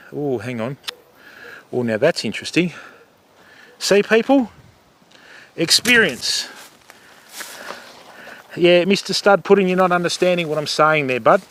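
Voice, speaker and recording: An Australian man in middle age talks easily while he fishes outdoors, his voice sitting a little high for a man. He chats with his viewers as he casts, answering them by name and calling them mate. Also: slight background noise. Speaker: fishing livestream host. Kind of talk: casual livestream chat while fishing. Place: outdoors by the water.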